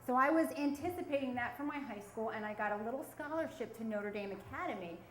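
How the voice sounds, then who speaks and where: A woman's voice: on the high side, lively intonation, fast talker, reverberant, slight background noise, rough recording. A woman, telling a self-mocking story on stage at a storytelling event. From South Philadelphia. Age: 40s. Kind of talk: live storytelling.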